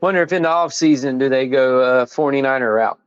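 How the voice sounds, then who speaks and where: A man, co-hosting a casual sports podcast, telling animated, profane stories and quoting himself. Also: medium pitch, fairly quick, clear, resonant tone, no echo. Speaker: podcast co-host. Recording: dull, dry lo-fi sound.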